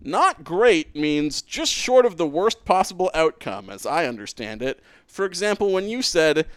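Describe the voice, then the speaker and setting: A man's voice: on the high side, big pitch swings, normal speed, hardly any pauses, no echo. A Canadian man co-hosting a podcast, reading listener emails aloud with dry asides in casual banter.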